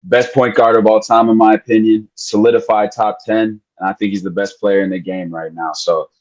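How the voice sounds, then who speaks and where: A man co-hosting a sports podcast, emotional and excited, repeating himself and calling people bro and man. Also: fairly low pitch, brisk, muffled recording. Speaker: podcast co-host. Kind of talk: excited casual sports chat.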